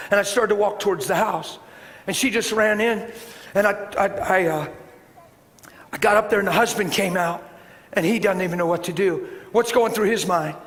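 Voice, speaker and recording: A middle-aged man preaching a sermon and telling a personal story, swinging between loud bursts and hushed, gentle tones. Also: high voice, moderate pace. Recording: reverberant hall with faint background hiss.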